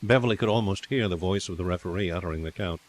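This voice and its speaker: Low male voice reading a classic short story, measured and steady. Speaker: narrator.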